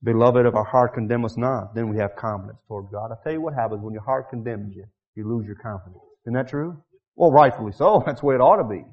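A man preaching a revival sermon in church, swinging from quiet pleading to shouted, drawn-out climaxes. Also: mid-range voice, muffled recording.

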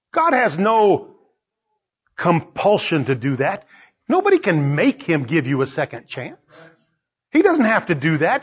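A man preaching a sermon, emphatic and repetitive, swinging between soft asides and loud exclamations. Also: high voice, sing-song, unhurried, husky, muffled recording.

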